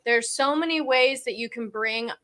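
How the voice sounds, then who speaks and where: A woman hosts a live-stream video call and closes with an upbeat promotional pitch. Her voice is bright and slightly high. She keeps steering listeners toward links and free offers. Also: moderate pace. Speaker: host.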